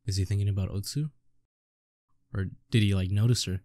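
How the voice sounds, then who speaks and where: A man's voice: on the low side, fairly even intonation, fairly quick, dark tone, no echo, studio quality. A young man reading a manga aloud and reacting, swearing often and exclaiming in awe. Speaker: streamer.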